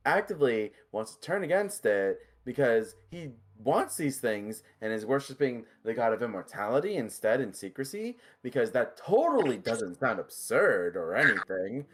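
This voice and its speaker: Lively, laughing man playing his character. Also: mid-range voice, moderate pace, few pauses, slightly rough. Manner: animated, laughs often, narrates his own character's actions. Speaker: player. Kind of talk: playing a character in a tabletop game.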